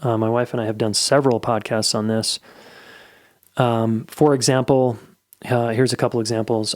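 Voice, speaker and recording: A man's voice: mid-range voice, steady tone, moderate pace, no echo, clean studio sound. Blunt, candid middle-aged man podcasting. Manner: candid, blunt, swears casually. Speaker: podcast host. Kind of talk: solo advice podcast monologue.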